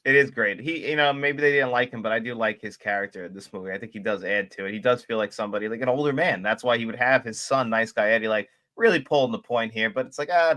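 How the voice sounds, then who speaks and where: A man's voice: on the low side, pushed and bright. A man co-hosting a podcast, chatting casually about a film and laughing easily. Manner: easygoing, laughs often. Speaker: podcast co-host.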